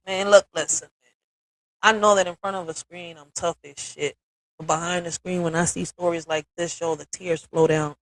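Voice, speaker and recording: A woman's voice: lowish voice, fairly even intonation, a little fast, no echo, rough recording. Blunt, profane woman live streamer. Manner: blunt and profane, repeats "all right?"; emphatic, builds to forceful peaks. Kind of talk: emotional live stream commentary.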